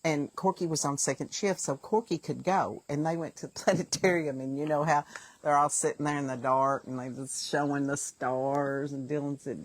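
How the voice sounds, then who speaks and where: An older woman with a Southern US accent, telling family stories in a relaxed, folksy way on a podcast and chiming in with quick corrections. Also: low voice. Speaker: guest, the host's mother. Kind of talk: casual family chat.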